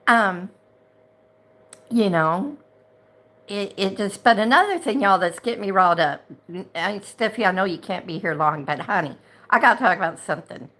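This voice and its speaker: A woman's voice: medium pitch, expressive, normal speed, fairly bright tone. A middle-aged woman, hosting a casual livestream chat, talking in a chatty, indignant way and repeating herself when worked up. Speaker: livestream host and chat moderator.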